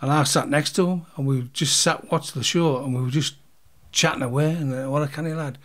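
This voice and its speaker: A man's voice: a little high, fairly even intonation, brisk, a bit bright. A man, telling a story as an interview guest in blunt, casual talk, swearing freely and acting out the punches. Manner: blunt, swears freely, acts out fight scenes.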